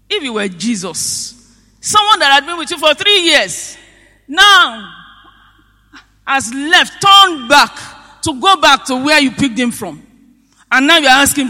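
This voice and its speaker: A man's voice: very high voice, lively intonation, measured pace, long pauses, pushed and bright. A man preaching a sermon, retelling a story with rhetorical questions and sudden rises in emphasis. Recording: long reverb of a large hall.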